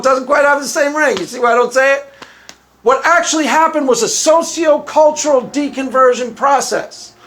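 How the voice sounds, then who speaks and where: A man with a strikingly high voice talks through a casual commentary monologue on his own channel. He rambles and circles back to repeat his points, and he chuckles at his own jokes as he goes. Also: normal speed, fairly bright tone. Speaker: commentary video host.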